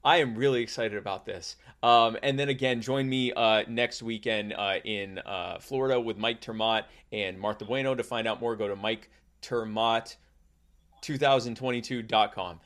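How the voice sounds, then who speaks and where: A man's voice: fairly low pitch, fairly even intonation, normal speed, fairly bright tone. A middle-aged man from the United States hosting a podcast in casual chat, talking with many fillers and restarts. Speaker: podcast host.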